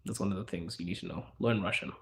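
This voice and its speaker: A man from Zimbabwe hosting a casual livestream, chatting loosely with viewers and answering their questions in a relaxed, slangy, rambling way. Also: deep voice, quick pace, gravelly. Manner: relaxed, slangy, rambling with fillers and self-corrections. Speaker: livestream host.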